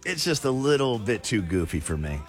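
A man's voice: mid-range voice, sing-song, a little fast, faint music behind. A man hosting a call-in radio show, joking and self-deprecating in casual banter. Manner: chatty, self-deprecating, jokey. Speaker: radio host. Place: radio studio.

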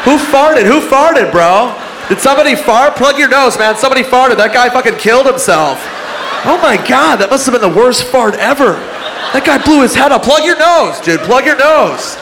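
Man putting on a high, yelling, frantic onlooker; noisy live sound. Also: animated, moderate pace, crowd noise. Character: panicked shocked bystander, adult man.

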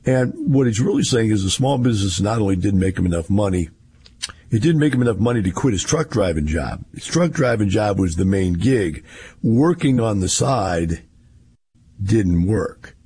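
Guy in his 50s, super husky low voice, rambly folksy storytelling, repeats himself a lot. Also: a little mellow. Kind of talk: casual monologue.

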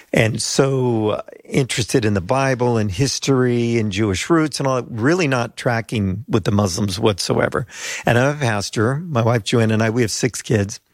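A man's voice: medium pitch, no room sound, clean studio sound. An older man, a pastor and mission leader from the United States, telling stories as an interview guest and acting out the voices of people he quotes. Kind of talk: storytelling interview.

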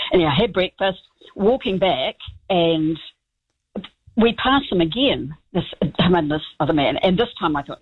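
A woman with a New Zealand accent tells a story in an excited, chatty way. Her voice is husky and fairly low. She is calling in to a talk radio show. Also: unhurried, narrow, tinny audio. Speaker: caller. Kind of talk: phone-in anecdote.

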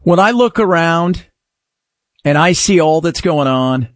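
Sarcastic talk radio host, high lively voice. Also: male voice, measured pace, no echo, clean studio sound. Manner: sarcastic, mocking shouts. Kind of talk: opinionated talk radio monologue.

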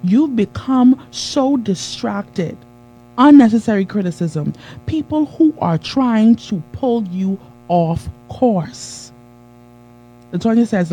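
A woman's voice: fairly high pitch, animated, takes it slowly, mellow, soft background music, low-quality recording. A woman giving a live-streamed motivational talk in an emphatic, preacher-like way, greeting viewers as she goes. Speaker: motivational speaker.

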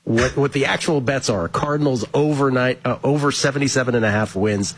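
A man's voice: medium pitch, brisk, breathy edge. A man hosting a sports betting talk show, wry and amused with his co-host. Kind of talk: casual radio show chat.

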